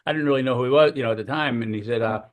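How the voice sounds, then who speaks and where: Guy, comic, talks fast, rambles through his stories, lots of "you know". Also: mid-range voice. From Boston. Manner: rambling anecdotes with many fillers. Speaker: comedian guest. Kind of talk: casual storytelling chat.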